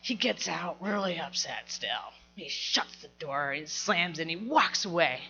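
A middle-aged woman telling a personal story to an audience, animated and laughing as she goes. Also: on the low side, measured pace, lo-fi sound, faint music behind.

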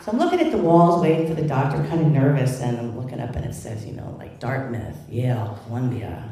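A middle-aged woman performing a stand-up comedy routine, telling self-mocking stories with deadpan punchlines. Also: a bass voice, a little fast, slight background noise. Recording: echoey stage heard from a distance.

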